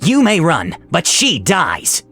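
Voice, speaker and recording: A man's voice: fairly high pitch, wildly swooping pitch, takes it slowly, pushed and bright, faint music behind, pitched above the performer's own voice, full character voice. A man playing a sneering villain wizard. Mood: gloating. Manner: sneering, gloating.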